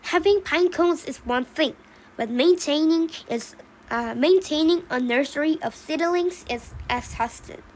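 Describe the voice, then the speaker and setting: A high, light voice plays a worried mother pine tree who frets about every danger. A woman reads her out in a plain storybook reading, with a faint hiss behind. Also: measured pace, low-quality recording. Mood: fretful. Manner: reads the role labels aloud between lines.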